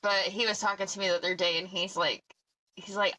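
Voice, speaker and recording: A woman co-hosting a podcast in casual chat, blunt and animated as she tells stories. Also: mid-range voice, fairly quick, low-quality recording. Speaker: podcast co-host.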